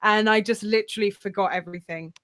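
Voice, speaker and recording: A woman's voice: mid-range voice, fairly even intonation, fast talker, a bit bright, no echo. A woman voice actress in an online interview, flustered and giggly, swearing as she talks. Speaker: voice actress and singer. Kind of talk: casual video-call interview.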